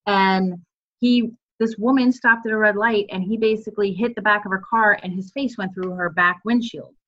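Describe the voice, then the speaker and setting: A woman's voice: mid-range voice, steady tone, normal speed, a bit bright, muffled recording. A woman EMT telling a work story in casual chat, full of filler words. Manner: chatty storyteller, many filler likes.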